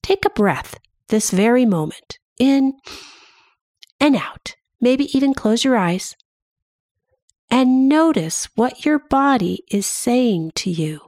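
A woman leading a gentle mindfulness lesson for children, asking soothing questions in a sing-song way. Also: on the high side, lively intonation, slow pace, no room sound, studio quality. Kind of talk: guided mindfulness lesson for kids.

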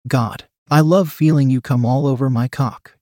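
Man doing a dominant male lover, smooth smoky voice, intimate low delivery, mid pitch, dry sound. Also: fairly even intonation, moderate pace, a little mellow, no room sound, lightly acted. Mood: commanding. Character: commanding adult male lover, bold and dominant.

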